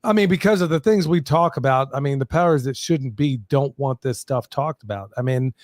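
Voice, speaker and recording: A man with a medium-pitched, slightly mellow voice hosts a podcast, chatting casually and rambling with many fillers at a slightly fast pace. The recording is dry and clean, with studio sound.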